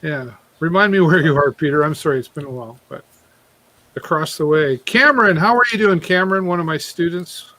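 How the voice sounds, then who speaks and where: A man's voice: a little high, a little fast, bright, forceful tone, no room sound, low-quality recording. A man hosting a live music show, chatting and joking with his co-host and greeting viewers by name. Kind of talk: casual live show chat.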